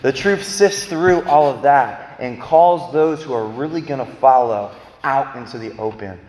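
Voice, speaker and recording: Emphatic man preaching in an echoey hall. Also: measured pace. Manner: emphatic, swings between loud bursts and quiet low lines. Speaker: Bible teacher. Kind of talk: preaching-style Bible talk. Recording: echoey hall with long reverb.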